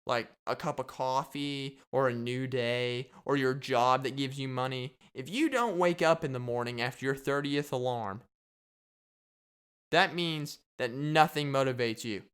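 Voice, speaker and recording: A man's voice: mid-range voice, unhurried, a bit bright, clean tone. A man hosting a solo comedic podcast, rambling and joking, repeating himself as he riffs. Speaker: podcast host.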